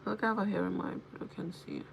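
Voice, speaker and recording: A woman's voice: on the low side, fairly even intonation, racing, vocal fry, a little hiss or hum. A young woman chatting casually on a makeup livestream, telling a rambling story full of fillers. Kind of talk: casual chat while doing makeup.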